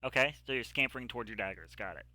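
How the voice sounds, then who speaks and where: A man narrates a tabletop fight as game master, pausing often with fillers as he describes the action. His voice is bright and forward. The sound is dry and close, with little room. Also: medium pitch, animated, no echo. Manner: halting descriptive narration with many ums. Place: home setup, streamed live.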